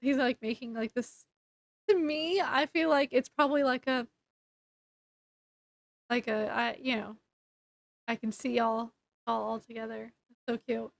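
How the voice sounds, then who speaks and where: A woman's voice: on the high side, fairly even intonation, a little slow, creaky, long pauses, no echo. A woman casually retelling a novel's plot in a rambling, chatty way, full of fillers and restarts. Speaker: book reviewer. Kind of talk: casual book review recap.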